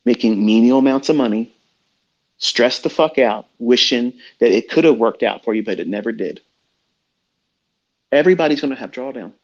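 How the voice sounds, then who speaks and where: A middle-aged man talking as a trading mentor in a blunt, profane, preachy rant. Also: mid-range voice. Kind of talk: unscripted rant. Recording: dull lo-fi audio.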